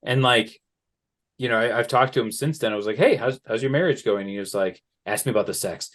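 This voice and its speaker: Relaxed man telling stories. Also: mid-range voice, brisk. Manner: storytelling, acts out quoted voices, relaxed. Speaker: guest, men's work facilitator. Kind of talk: conversational interview.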